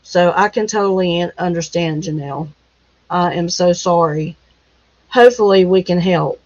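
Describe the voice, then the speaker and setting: A woman minister hosting a casual live chat. She answers viewer comments in a gentle, consoling way, with many pauses and fillers. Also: fairly low pitch. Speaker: minister and live-stream host. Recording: dull lo-fi sound.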